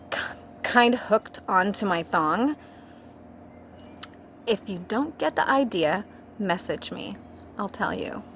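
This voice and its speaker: Slow-reading woman with wry asides. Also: on the low side, a bit bright, slight background noise. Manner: reads aloud with mock drama and wry asides. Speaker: guest reader. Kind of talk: comic dramatic reading of a fan fiction.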